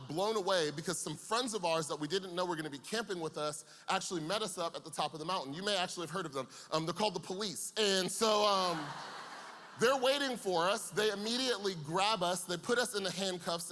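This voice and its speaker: A man's voice: sits high, bright, forceful tone. A young man preaching to a youth camp, telling a comic story with playful asides before turning serious. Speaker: camp speaker. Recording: long hall reverb.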